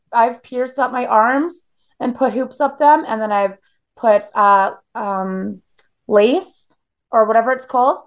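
A woman in her thirties from Canada, telling blunt, profane stories in a casual interview with lots of "like" fillers. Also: fairly high pitch. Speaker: guest.

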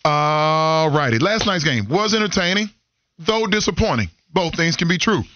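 A man's voice: fairly high pitch, normal speed, no echo, muffled recording. Laid-back sports radio co-host, a man. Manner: relaxed, friendly, opinionated. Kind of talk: casual sports radio talk.

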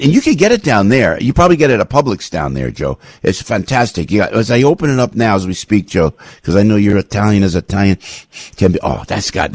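A man in his sixties with a New Jersey accent, hosting a radio talk show with an animated, jokey pitchman's manner. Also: slightly rough, dry recording, studio quality. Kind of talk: casual radio chat and live ad read. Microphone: studio broadcast mic.

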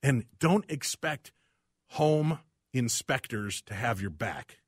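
Animated storytelling male host, dry sound. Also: medium pitch, takes it slowly, slightly rough, no echo. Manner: animated, self-deprecating storyteller. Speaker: radio show host. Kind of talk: casual chat.

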